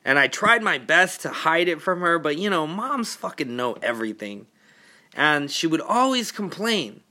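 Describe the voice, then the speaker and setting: Bright-voiced man telling stories casually. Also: fairly high pitch, sing-song, moderate pace. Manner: profane, laughing, laid-back. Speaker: podcast host. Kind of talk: casual storytelling.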